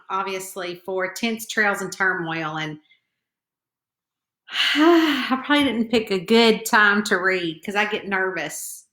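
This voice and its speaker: A woman's voice: medium pitch, sharp tone. A middle-aged woman with a Southern hillbilly twang, chatting nervously with viewers on a live stream from home and greeting them by name. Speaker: author hosting a live stream. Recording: echoey room.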